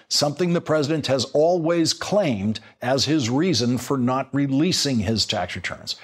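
A man's voice: medium pitch, breathy edge. A man hosting a cable news show, explaining a law and questioning a guest, with restarts when he asks questions. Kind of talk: cable news monologue and interview.

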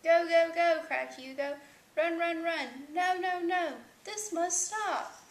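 Woman doing a silly storybook elephant, plaintive, high, gravelly, echoey room. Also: moderate pace, pushed and bright, a little hiss or hum, exaggerated voice. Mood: excited. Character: silly male elephant with sore feet.

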